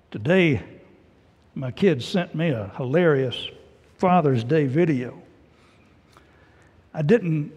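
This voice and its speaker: A middle-aged male pastor giving an emotional personal testimony in a sermon, swinging between loud and hushed. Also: a little high, husky. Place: church sanctuary. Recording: long hall reverb.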